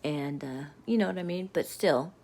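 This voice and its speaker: A woman's voice: sits low, normal speed, a little mellow, a little hiss or hum. A middle-aged woman venting angrily to her viewers in a rambling rant, often dropping to a muttered whisper. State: angry. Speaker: vlogger. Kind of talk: angry personal rant to viewers.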